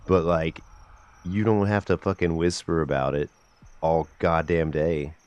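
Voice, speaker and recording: Deep-voiced man muttering profane game commentary. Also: level tone, unhurried, darkish tone, clear, resonant tone, lo-fi sound. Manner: profane, muttering to himself, bursts of exasperation. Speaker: streamer. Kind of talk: live gameplay commentary.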